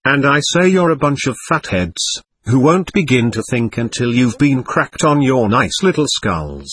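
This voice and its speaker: A weary, cynical veteran soldier in his thirties, voiced by a man reading an audiobook, gruff and dismissive. His voice is husky and rises and falls freely, and it is recorded dry and close. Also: mid-range voice, very animated, measured pace, a bit bright, no echo, exaggerated voice. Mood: scornful.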